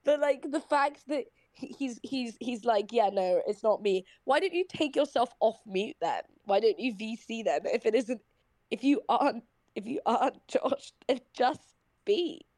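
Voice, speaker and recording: Voice-chat woman with a slight British accent, fairly high and very dry, blunt and sweary. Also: measured pace, darkish tone, dry recording. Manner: blunt, profane, ranting with restarts. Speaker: voice chat participant. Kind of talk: casual voice chat. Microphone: computer mic in voice chat.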